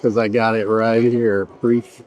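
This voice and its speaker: A man's voice: lowish voice, little pitch movement, slow pace, a little mellow. A middle-aged man in a casual food-tasting vlog, chatting and rambling between bites in an indoor buffet restaurant. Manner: chatty, rambling, trails off mid-sentence while eating. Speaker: vlogger reviewing a buffet.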